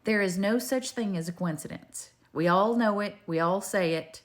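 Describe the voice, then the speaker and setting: An older woman speaks to her viewers in a chatty, digressive way. Her voice sits in a middle pitch, and she keeps wandering off topic, then coming back with questions aimed straight at the listener. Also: normal speed. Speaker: faith video maker. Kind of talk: rambling faith testimony to camera.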